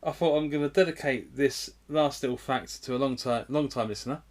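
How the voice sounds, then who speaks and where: A man's voice: medium pitch, fairly quick. A man co-hosting a casual comedy podcast, giggling and tossing in silly one-liners. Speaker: podcast co-host.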